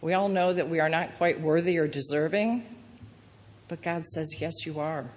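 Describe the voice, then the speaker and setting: A woman's voice: fairly low pitch, fairly even intonation, normal speed. Woman preaching in a reverberant hall. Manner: earnest, gentle storytelling with quoted prayers. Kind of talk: sermon.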